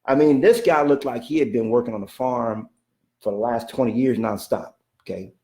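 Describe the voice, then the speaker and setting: A man's voice: medium pitch, moderate pace. Folksy storytelling man in an echoey room. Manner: animated, folksy storyteller with many restarts. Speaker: real estate coach. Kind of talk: casual storytelling talk.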